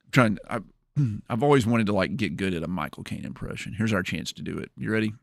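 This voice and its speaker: A man's voice: on the low side, animated, fast talker, creaky, no echo, clean studio sound. A man hosting a livestream, chatting casually and rambling with jokes to his viewers. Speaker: streamer host.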